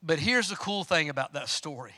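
A middle-aged man, preaching a personal story that moves between quiet telling and loud, impassioned preaching. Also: a little high, lively intonation, brisk, no echo. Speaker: pastor. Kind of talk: sermon storytelling.

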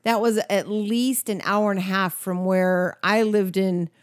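An older woman in casual conversation. She comes in with short asides and adds details to a story she shares with her husband. Her voice sits at an ordinary pitch and sounds relaxed. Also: unhurried. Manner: chimes in briefly, adds details. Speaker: co-host, wife. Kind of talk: casual chat.

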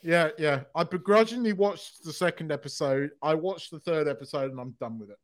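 Live podcast host, man, slightly high voice, blunt, stumbling restarts. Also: brisk. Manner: stammering restarts, blunt and sweary. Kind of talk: casual chat.

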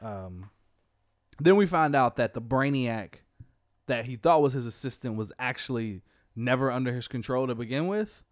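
Casual male storyteller, mid pitch, animated delivery, dry recording. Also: moderate pace, no room sound. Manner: animated storyteller, quotes characters in his own voice. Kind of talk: casual retelling of a comic book plot.

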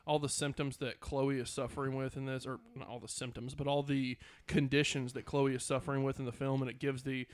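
A man's voice: mid-range voice, flat delivery, a little fast, hardly any pauses, no echo. A man chatting casually about a film, enthusiastically pointing out small touches he liked. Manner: enthusiastic, praising small details.

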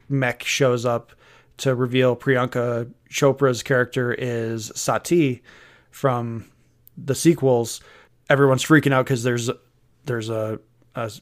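A man co-hosting a casual film review chat, critical and picking apart the dialogue. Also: mid-range voice. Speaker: podcast co-host.

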